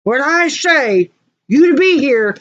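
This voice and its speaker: A woman voicing a stern middle-aged male doctor, scolding and insistent, hammering each point again and again. The voice sits high and pushed. The recording sounds muffled and lo-fi. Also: animated, fairly quick, dark tone. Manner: insistent, repeating himself.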